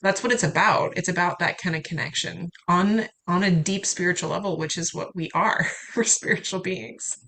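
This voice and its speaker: A podcast co-host speaks in a bright, forceful tone, nodding along with quick affirmations. Her pitch sits somewhat low for a woman, and she laughs easily between points. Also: fairly even intonation, gravelly. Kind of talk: casual conversation.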